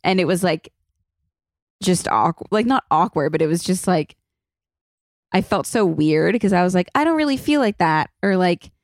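A woman hosting a podcast in casual chat, talking fast in loose bursts full of "like" and acting out quotes. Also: lowish voice, no echo, studio quality. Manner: chatty, many likes and restarts, acts out quotes. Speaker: podcast host.

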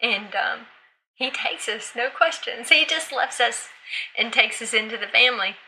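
A middle-aged woman, a podcast guest, telling an emotional story in casual conversation and jumping higher in pitch when she quotes others. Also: moderate pace, pushed and bright, slight background noise, poor audio.

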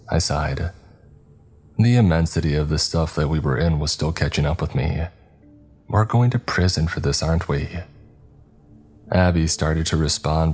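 A man with an extremely deep voice reads a first-person horror story in steady, measured narration. Faint music plays underneath.

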